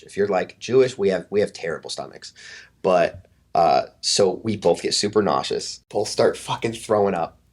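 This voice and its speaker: Deep-voiced man telling a story. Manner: animated, swears often, acts out quotes. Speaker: podcast guest, fitness coach. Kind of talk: casual storytelling.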